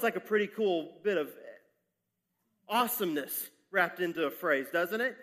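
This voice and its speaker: A male pastor preaching a candid sermon to his church, talking haltingly with many restarts and building in intensity. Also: high-pitched, expressive, a bit bright. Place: church sanctuary.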